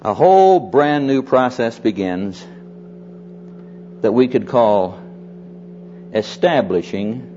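A man preaching a sermon to a live audience, telling stories in a folksy way and slowing down to stress key phrases. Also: medium pitch, lively intonation, dark tone, slight background noise. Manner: folksy storytelling with emphatic slowed phrases. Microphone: mic on stand or lapel. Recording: dull lo-fi recording.

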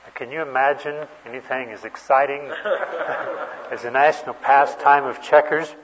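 A man's voice: mid-range voice, fairly even intonation, moderate pace, crowd noise. A man giving a sermon, telling folksy stories at an easy pace with frequent fillers. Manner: folksy storytelling with many fillers. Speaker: preacher. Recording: distant dull hall recording.

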